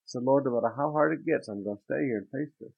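A man's voice: mid-range voice, quick pace, gravelly, husky. A man preaching a sermon as a pastor, reading scripture aloud and then expounding it emphatically. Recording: tinny phone-like sound.

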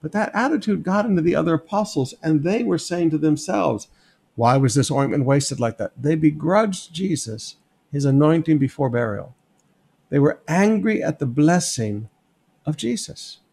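Here the pastor's voice runs on the high side, animated and at a normal speed, with a creaky, husky, slightly mellow quality. He teaches a Bible passage verse by verse, emphatic and conversational, frequently pointing things out with "notice" and "okay?" and sketching on a board.

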